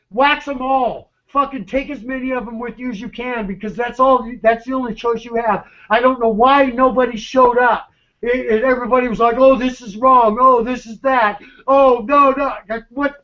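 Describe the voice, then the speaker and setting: A man's voice: very high voice, sharp tone, lo-fi sound. A man in an online voice chat, ranting with urgent, profane, stammering repetition. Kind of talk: agitated rant.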